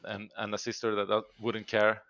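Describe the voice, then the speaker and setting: A man's voice: on the low side, completely flat delivery, moderate pace, gravelly, a bit bright, dry recording. A man with a Swedish accent co-hosting a casual podcast chat, talking hesitantly with many fillers. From Sweden. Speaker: podcast co-host. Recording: dull lo-fi dry sound.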